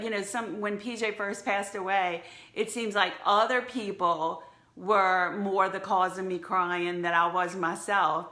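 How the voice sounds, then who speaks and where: A woman's voice: medium pitch, bright, forceful tone. A woman talking earnestly and candidly into her phone for a live video, with frequent small laughs. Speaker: church media director. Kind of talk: heartfelt live video talk. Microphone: phone camera for a live stream. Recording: echoey room.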